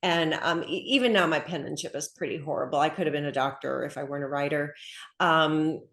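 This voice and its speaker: A middle-aged woman author, chatting in an interview over a video call, animated and full of fillers. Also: low-pitched, fairly quick. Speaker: author guest. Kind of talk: casual interview chat. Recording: echoey room.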